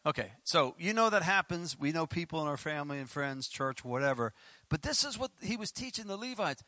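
A man preaching a sermon, animated and chatty, breaking into laughs and acting out quotes with big jumps in pitch. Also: fairly quick, dry recording. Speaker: pastor.

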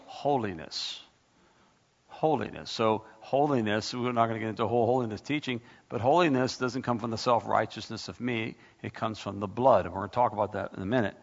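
A man's voice: medium pitch, gravelly, long reverb tail, dull audio. A man preaching a sermon in a church, emphatic and full of rhetorical questions, repeating his points. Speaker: pastor.

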